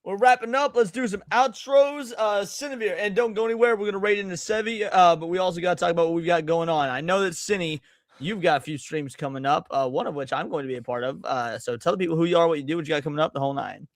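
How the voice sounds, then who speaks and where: A man hosts a live stream, joking around with his guests while moving the show along. His voice sits a little high. The sound is dry and close. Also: fast talker, no room sound. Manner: joking, steering the conversation. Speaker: host. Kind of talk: casual livestream chat.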